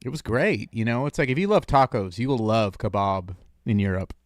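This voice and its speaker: A man's voice: fairly low pitch, a little fast, no room sound, clean studio sound. A young man hosting a call-in stream, talking in a rambling, joking way with lots of filler words. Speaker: streamer host taking calls. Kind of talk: casual chat.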